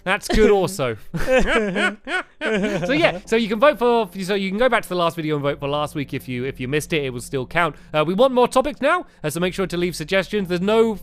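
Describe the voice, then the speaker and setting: A man's voice: high-pitched, expressive, brisk, a little hiss or hum. A man co-hosting a gaming video, chatting casually, laughing a lot and playfully teasing his partner. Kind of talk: casual gameplay chat. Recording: light background music.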